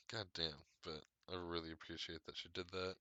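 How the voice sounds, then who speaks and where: Podcast host, male, rambling and profane, very deep, dry close sound. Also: little pitch movement, measured pace, pushed and bright, no room sound. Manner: profane, rambling, laughs often. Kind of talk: casual storytelling monologue.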